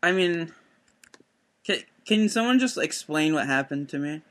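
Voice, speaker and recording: A man's voice: a little high, lively intonation, a little slow, fairly bright tone. A man hosting a music podcast in casual chat, hesitant and stammering.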